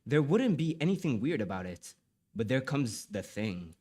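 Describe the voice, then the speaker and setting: A man's voice: medium pitch, very animated, moderate pace, a little mellow. A young man livestreaming and chatting with viewers, often apologizing, stammering and repeating himself, a little stuffy from allergies. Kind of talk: casual live stream chat and reading aloud.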